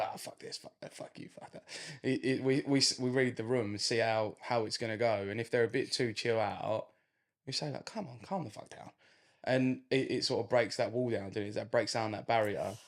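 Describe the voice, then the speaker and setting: A man's voice: fairly low pitch, steady tone, brisk. A man hosting a podcast, chatting in a laid-back, blunt and jokey way. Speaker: podcast host. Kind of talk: casual podcast chat.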